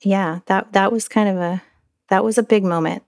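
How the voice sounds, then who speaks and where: A middle-aged woman telling a personal story as a mother in an interview, halting with many restarts and fillers. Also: mid-range voice, steady tone, creaky, darkish tone, no room sound, studio quality.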